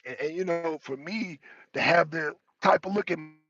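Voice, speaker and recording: A man chatting loosely as a talk show panelist, animated and profane, often laughing and repeating words. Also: a little high, normal speed, husky, no echo, lo-fi sound. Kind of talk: casual chat.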